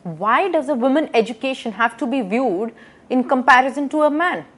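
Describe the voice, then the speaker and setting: A woman lecturing to students, reading out quotations and explaining them with rhetorical questions and frequent pauses. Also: high-pitched, expressive, fairly bright tone. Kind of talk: recorded lecture.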